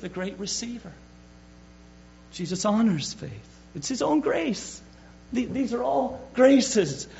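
A man preaching a sermon fervently, swinging from loud declarations to hushed words, on a dull recording with hum. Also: high-pitched, creaky.

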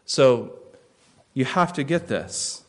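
A man preaching a sermon, telling stories and dropping to a near hush for tense moments before rising for emphasis. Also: mid-range voice, animated, slow. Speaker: pastor.

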